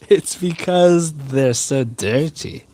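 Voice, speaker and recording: A man hosting a casual tea live stream outdoors on a rooftop garden, chatting with viewers in a jokey, rambling, deadpan way with many fillers. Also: on the high side, extremely slow, no echo. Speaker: tea livestream host.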